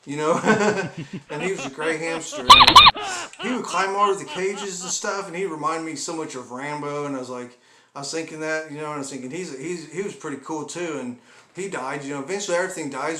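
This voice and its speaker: A man's voice: a little high, sing-song, a little fast, a crowd in the background. A man telling comic stories about his pets in a rambling, chuckling way, with exaggerated asides. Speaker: comedy vlogger. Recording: echoey room with background noise.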